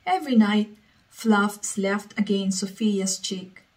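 A woman reading a story aloud as a storyteller, slowly and evenly. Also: mid-range voice, a little mellow, low-quality recording.

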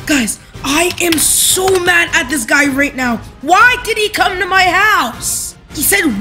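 A woman gaming YouTuber in an excited unboxing vlog, exclaiming and talking straight to her viewers. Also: extremely high pitch, takes it slowly, few pauses, faint music behind.

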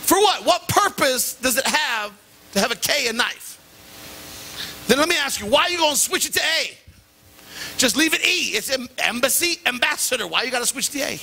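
A middle-aged male pastor preaching a sermon and telling animated, self-deprecating stories with sudden jumps in pitch. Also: moderate pace, creaky, slight background noise. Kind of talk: sermon with personal anecdote. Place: church sanctuary.

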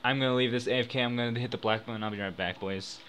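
An excitable young man talks casually at his desk microphone at home, his voice bright and forceful. He drops to mutters one moment and yells the next as he bets and cheers. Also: mid-range voice, rapid-fire, a little hiss or hum. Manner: excitable, swings from mumbling to shouting. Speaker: gaming YouTuber. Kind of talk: casual gambling commentary. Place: home room.

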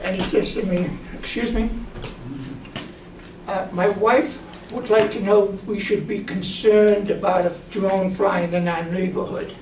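A man's voice: high voice, steady tone, unhurried, darkish tone. A man casually telling stories about his drone photography work, animatedly acting out the voices of the people he quotes. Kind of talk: casual storytelling. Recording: roomy, distant mic, noisy.

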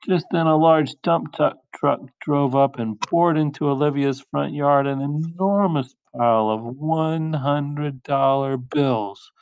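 Slow, expressive man reading a storybook. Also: on the high side, clear, resonant tone, no echo, narrow, tinny audio. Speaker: teacher. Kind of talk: reading a picture book aloud.

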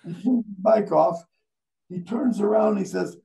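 An older man, a veteran radio announcer, telling stories on stage at a live event, animated and acting out the people he quotes. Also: sits high, moderate pace, creaky, a little hiss or hum, low-quality recording. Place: live event before an audience.

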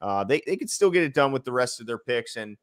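A man's voice: mid-range voice, sing-song, fast talker. A man hosting a casual sports talk show, rambling and reading viewer comments aloud. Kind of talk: casual sports podcast chat.

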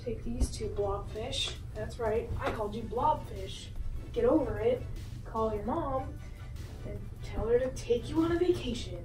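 Woman, high voice, slow goofy chatter, bedroom vlog, far from the mic, music playing behind. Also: echoey room. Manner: silly, joking, talks to her belongings. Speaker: vlogger. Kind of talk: goofy running commentary while cleaning. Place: messy bedroom.

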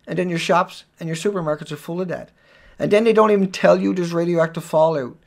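Furious high gravelly man ranting. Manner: furious, swearing, swings between shouting and low muttering. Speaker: video commentator. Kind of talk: angry profane rant over news headlines.

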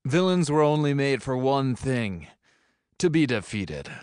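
A man's voice: medium pitch, big pitch swings, measured pace, a little mellow, dry recording, clean studio sound. A man voicing an earnest, starstruck teenage boy.

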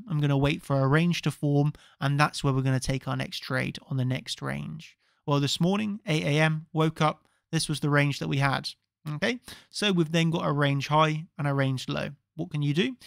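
A man's voice: on the high side, moderate pace, creaky, dry recording, studio quality. A man hosting a trading video, walking viewers through chart analysis in an emphatic, confident way, repeating key words for effect. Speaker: crypto trading analyst host.

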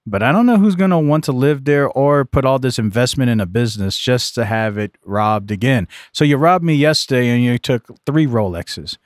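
Podcast co-host, man, mid-pitched, rambling explainer with jokes, dead dry room. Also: moderate pace, hardly any pauses, dry recording. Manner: explains at length, joking asides. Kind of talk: casual podcast chat.

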